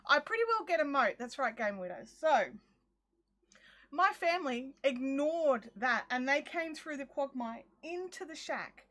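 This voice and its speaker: A woman tells a funny story to her livestream viewers from her craft shed, acting out what everyone said. Her voice sits high and sounds bright and forward. She talks casually and chattily through a phone. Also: unhurried. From Australia. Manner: chatty and animated, acts out her own quotes.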